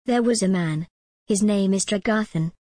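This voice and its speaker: A woman's voice: medium pitch, moderate pace, mellow, no echo, natural voice. A woman reading the lines of an old village woman sharing rumors in a storybook, in a dry voice. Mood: telling.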